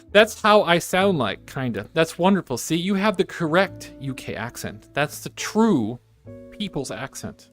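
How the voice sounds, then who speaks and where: A man's voice: a little high, big pitch swings, moderate pace, fairly bright tone, faint music behind. A man streaming casually while he draws, chatting in a playful, rambling way and slipping into silly voices.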